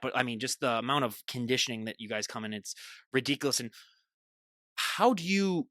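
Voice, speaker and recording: A man's voice: medium pitch, sharp tone, dry recording, studio quality. A man from the American Midwest hosting a podcast, asking questions casually and joking at his own expense. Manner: quick, joking, self-deprecating. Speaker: podcast host.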